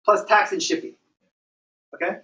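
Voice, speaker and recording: A man's voice: high voice, fairly even intonation, normal speed, pushed and bright, slight background noise. A man running a training session for a group, explaining plans in a repetitive, emphatic way and checking in with "okay?" often. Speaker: business trainer. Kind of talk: motivational training talk to a group. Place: meeting room with a live audience. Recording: roomy, distant, dull sound.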